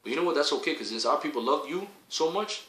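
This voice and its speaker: The man's sermon is a fiery rant full of swearing, driving his points home repeatedly until he's shouting. His slightly high voice is animated, bright and pushed, moving at a quick pace and echoing around the room.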